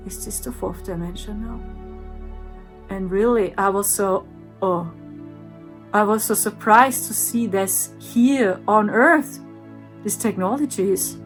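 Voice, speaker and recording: A woman's voice: mid-range voice, slow pace, long pauses, soft background music. A woman, an English speaker, earnestly recounts a strange personal experience and repeats sound effects. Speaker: spiritual channel host. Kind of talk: personal storytelling.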